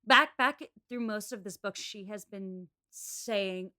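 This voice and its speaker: A woman co-hosting a casual book podcast from an apartment, animated and jokey, slipping into quick mimicry of characters. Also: medium pitch. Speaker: podcast co-host. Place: apartment room in a city.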